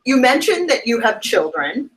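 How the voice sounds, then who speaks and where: A woman interviewing a guest over a video call, speaking gently and reassuringly, at times tearful. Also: a little high, sing-song, moderate pace, rough recording.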